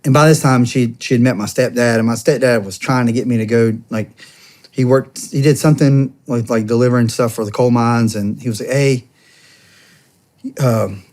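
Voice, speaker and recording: A man in his thirties tells a long personal story as a podcast guest, in a medium-pitched voice. His talk is loose and slangy. He laughs along the way and slips into the voices of the people he quotes. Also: normal speed. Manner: animated, acts out dialogue in quoted voices. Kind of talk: casual storytelling.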